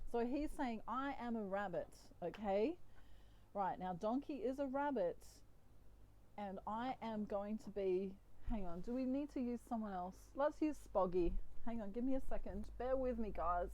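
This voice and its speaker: A woman's voice: medium pitch, dark tone, rough recording. A woman who reads tarot, chatting casually and playfully and often giggling while she explains things using toy puppets. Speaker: tarot reader. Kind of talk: casual chat.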